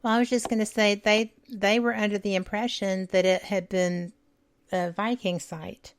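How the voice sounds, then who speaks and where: A woman's voice: mid-range voice, steady tone, normal speed. A woman hosting a radio talk show, chiming in with brief encouraging interjections.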